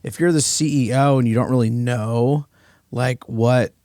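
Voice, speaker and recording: A man co-hosting a casual business podcast, his voice rough today, explaining things as he walks through a shared screen on a video call. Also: medium pitch, steady tone, measured pace, dark tone, no room sound, studio quality. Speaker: podcast co-host.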